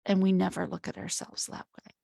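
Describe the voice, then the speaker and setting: A woman's voice: on the low side, level tone, vocal fry, dark tone, dry recording, clean studio sound. A woman hosting a conversation as a coach, talking in a heartfelt, reflective way. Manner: heartfelt, reflective, slow and thoughtful. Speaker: host and coach. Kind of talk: casual conversation.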